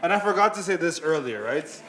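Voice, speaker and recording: A man's voice: a little high, expressive, a little fast, a bit bright. A man doing a stand-up set with brash, profane crowd work. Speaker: stand-up comedian.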